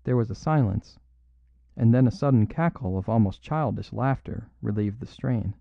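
A man reads a classic story aloud in a measured, steady manner. His voice sits in a middle pitch, and the recording is dull and dry. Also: vocal fry, no room sound. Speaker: audiobook narrator. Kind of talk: scripted narration.

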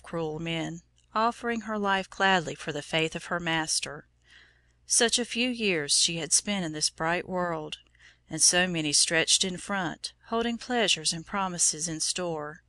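Bright-voiced woman storyteller. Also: fairly low pitch, no echo. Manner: measured and solemn. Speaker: narrator. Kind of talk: storybook narration.

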